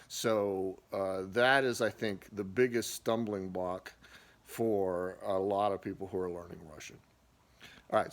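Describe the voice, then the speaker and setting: A man giving a casual spoken language lesson, relaxed and unhurried, with frequent filler words. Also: lowish voice. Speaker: language teacher.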